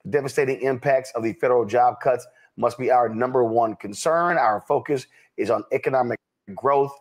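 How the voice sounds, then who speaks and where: A man in a played clip giving impassioned political commentary, growing indignant and preachy as he speaks. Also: moderate pace. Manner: indignant, rising to a preachy pitch.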